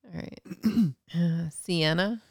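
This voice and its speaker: A woman's voice: fairly low pitch, takes it slowly, vocal fry, a little mellow, no echo, studio quality. A woman co-hosting a podcast in casual chat, laughing often between her words. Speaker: podcast co-host.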